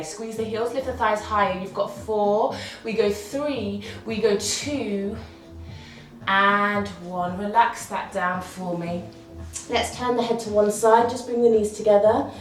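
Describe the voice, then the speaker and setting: A woman leading a guided workout class, encouraging and counting reps aloud, a little out of breath. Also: a little high. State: slightly out of breath. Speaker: fitness instructor. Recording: roomy, from far off, faint music.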